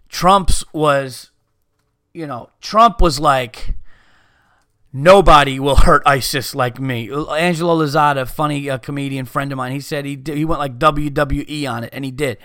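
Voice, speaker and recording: Guy rambling on his podcast, cusses a lot, clean smooth voice, dry sound. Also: on the high side, no echo. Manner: profane, rambling, animated storytelling. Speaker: podcast host. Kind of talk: casual podcast monologue.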